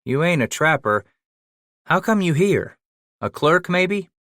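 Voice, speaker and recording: A man's voice: a little high, big pitch swings, takes it slowly, a bit bright, no echo, clean studio sound, pitched above the performer's own voice, full character voice. A man doing a folksy old frontier trapper. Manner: folksy frontier drawl, dropped g's.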